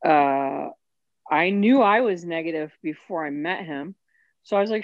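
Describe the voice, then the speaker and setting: A woman's voice: sits low, moderate pace, no room sound, muffled recording. A woman telling her own story as an interview guest, candid and emotional. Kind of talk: personal storytelling.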